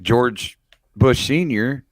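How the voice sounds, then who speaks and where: A man, a comedian hosting a podcast, talking in a relaxed, frank way and swearing casually. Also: medium pitch, extremely slow, no room sound, studio quality.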